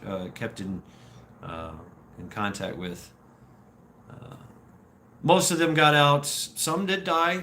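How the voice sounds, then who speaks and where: A man in his forties rambles through viewer questions on a live stream. His voice is bright and forceful. He halts often, repeats words and laughs between stories. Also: medium pitch, a little hiss or hum.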